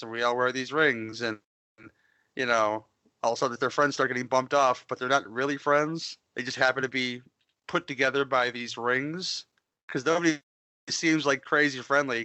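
A man's voice: medium pitch, pushed and bright, no echo. A man casually chatting on a podcast, rambling, joking and swearing as he reviews a film, often restarting his sentences. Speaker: podcast co-host. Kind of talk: casual movie-review chat.

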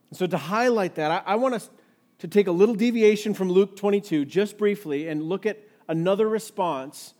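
Male pastor, light high voice, expository sermon, acts out the scripture quotes. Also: darkish tone. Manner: reads scripture aloud, acts out quotes with rising intensity.

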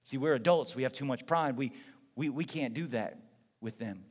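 A man's voice: medium pitch, normal speed, husky. A middle-aged man preaching a conversational sermon, firing off rhetorical questions and acting out short quotes. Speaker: pastor. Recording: long hall reverb.

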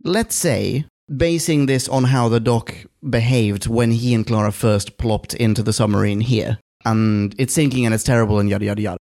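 A man co-hosting a podcast in casual chat, excitable and prone to laughing. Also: medium pitch, moderate pace, hardly any pauses. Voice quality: animated, giggly, excitable. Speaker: podcast co-host.

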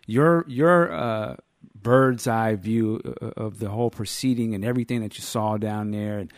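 An American man with a fairly low voice hosts a podcast at normal speed, chatting casually in a loose, rambling way full of fillers. The recording is dry, with clean studio sound.

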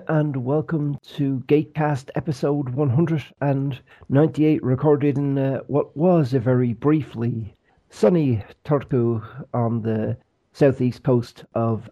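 A man's voice: medium pitch, measured pace, dull audio. A man co-hosting a podcast, chatting casually with dry, joking banter. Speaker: podcast co-host. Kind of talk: casual chat. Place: rented flat abroad.

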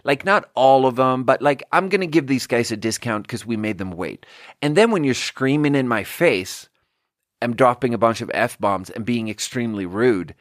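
A man's voice: mid-range voice, animated, normal speed, no echo, studio quality. A man hosting a podcast, telling a rambling, profane, self-amused story in a casual way. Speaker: podcast host.

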